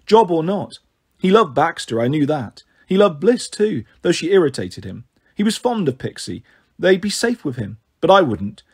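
A male storyteller reads a children's novel aloud. His voice is husky and a little high for a man. He reads in a lively, sing-song way.

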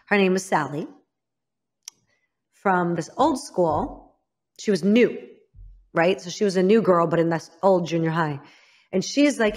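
A woman's voice: on the low side, measured pace, pauses often, a little mellow. A woman from Illinois, a guest in an interview, telling a frank personal story and often calling herself out. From Illinois, United States. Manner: frank, self-critical, acts out others' lines.

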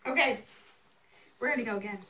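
A woman's voice: on the high side, a little fast, pushed and bright. A woman hosting her own video, playing a casual challenge game with her brother and laughing often. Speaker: vlogger host.

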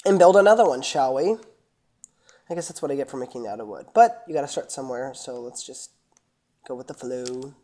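Low-voiced chatty woman gaming. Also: animated, brisk, warm tone. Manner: chatty, rambling, talks to viewers. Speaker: gaming channel host. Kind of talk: casual gameplay commentary.

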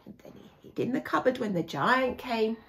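A woman teacher telling a fairy tale to young children, with dramatic, hushed moments. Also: a little high, normal speed, vocal fry, slight background noise. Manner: expressive, dramatic, hushed asides.

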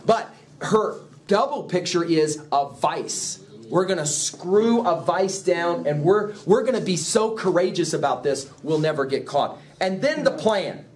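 A middle-aged man giving an emphatic classroom lecture on a play, animated and quick to chuckle as he explains. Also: sits high, a little hiss or hum. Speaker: literature teacher.

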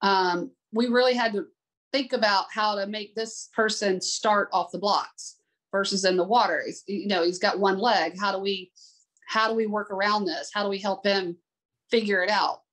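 A woman's voice: medium pitch, steady tone, normal speed, fairly bright tone. Heartfelt woman swim coach telling stories. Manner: candid, heartfelt anecdotes. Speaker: adaptive sports swim coach. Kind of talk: conversational interview storytelling.

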